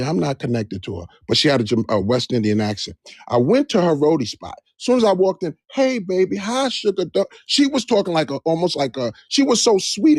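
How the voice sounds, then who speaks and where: A man's voice: medium pitch, breathy edge, no echo, clean studio sound. A man speaking in an impassioned live discussion, emphatic and repeating phrases for stress. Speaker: livestream debate participant. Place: Georgia area, on a live stream.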